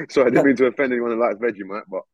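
A man who's a guest musician talks fast in a medium-pitched voice during a casual interview chat. He's animated, curses often and uses lots of slang, all caught on a dull, dry recording.

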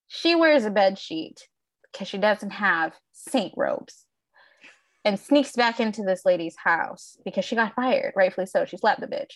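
A woman co-hosting a casual podcast, telling stories with lively, foul-mouthed energy. Her pitch sits in an ordinary middle range, and the recording is dry and close to the mic. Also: measured pace, no room sound. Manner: animated, profane storyteller. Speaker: podcast co-host. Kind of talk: casual chat, storytelling.

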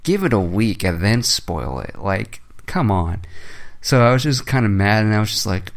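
Young man, low-pitched, lively and profane storyteller in casual chat. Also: moderate pace, gravelly.

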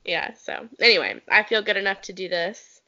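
Bright-voiced young woman with a cold. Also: medium pitch, moderate pace, lo-fi sound. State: sick with a cold. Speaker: podcast co-host. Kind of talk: casual chat.

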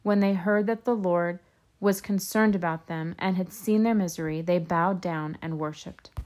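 A woman reading scripture aloud in a steady, measured way. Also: fairly low pitch. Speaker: scripture reader.

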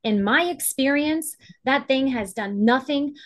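Her voice high-pitched, fairly bright, and a little slow, a woman advocate appears as a podcast guest. Impassioned and emphatic, she frequently performs others' words.

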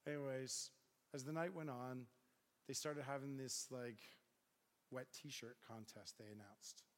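A man's voice: mid-range voice, unhurried, big-room sound. A middle-aged man preaching to a crowd, telling a story with lots of voiced dialogue, as a pastor. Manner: animated storyteller acting out dialogue. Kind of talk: storytelling sermon.

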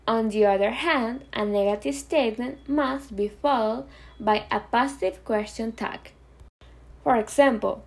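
A woman hosting a grammar podcast, reading clear, carefully scripted explanations. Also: fairly high pitch, measured pace. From Venezuela. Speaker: podcast host teaching grammar.

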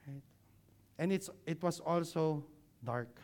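A man preaching a sermon, engaging the listeners with many questions and growing more animated as he explains. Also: fairly high pitch, slow pace. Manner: grows louder and more animated when explaining.

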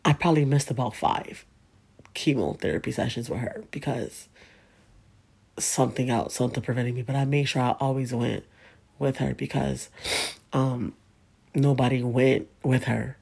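Woman, 30s, gravelly and husky voice, raw rambling monologue full of curses and fillers. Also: rumbling low, normal speed, long pauses, darkish tone. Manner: emotional, profane, rambling with many fillers. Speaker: vlogger. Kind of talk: personal storytelling monologue.

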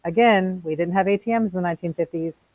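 A woman's voice: on the low side, fast, darkish tone. Woman reading aloud and explaining. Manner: reads plainly, stops to explain in casual asides. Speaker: teacher reading a novel aloud. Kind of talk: read-aloud with commentary.

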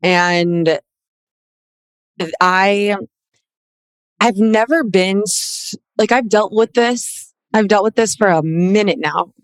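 A woman's voice: mid-range voice, clean tone, no echo. A woman speaking candidly in a casual chat, rambling with frequent restarts and close to tears. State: near tears.

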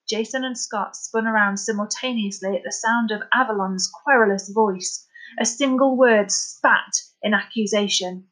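A woman narrating a novel as an audiobook in a steady, dramatic storytelling manner. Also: medium pitch, moderate pace, low-quality recording.

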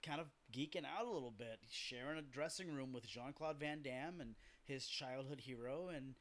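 A man's voice: medium pitch, normal speed, a bit bright. Profane, rambling podcast host man. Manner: profane, rambling storytelling with asides; acts out quoted lines in a gruff voice. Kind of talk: casual solo podcast chat.

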